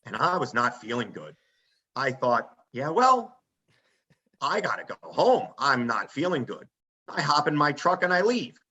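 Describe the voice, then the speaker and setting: A man telling a story in a casual, animated way on a front porch, as a podcast guest. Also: mid-range voice, unhurried, highs cut off. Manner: animated, acts out quoted voices.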